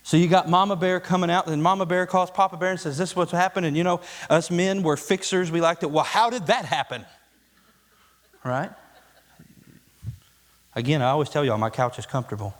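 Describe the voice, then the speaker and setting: A man's voice: fairly high pitch, brisk, big-room sound. A man preaching a sermon as pastor, folksy and conversational, building to emphatic peaks. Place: church sanctuary.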